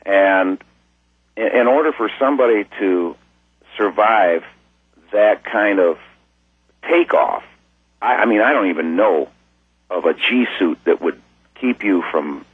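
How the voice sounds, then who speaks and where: A folksy, rambling man tells his story as a guest, his voice set a little low and slightly husky. It comes through a tinny, dry phone line, so it sounds thin and close with no room around it. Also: measured pace, pauses often, no room sound. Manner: folksy, rambling, animated when excited. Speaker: interview guest, musician. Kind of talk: casual storytelling.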